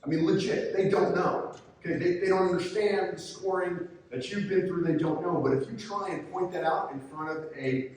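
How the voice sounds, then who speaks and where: A man giving a calm, coaching conference presentation, sometimes acting out angry coaches. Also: high voice, moderate pace. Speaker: presenter, sports official. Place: conference room. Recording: echoey hall from far off, faint noise.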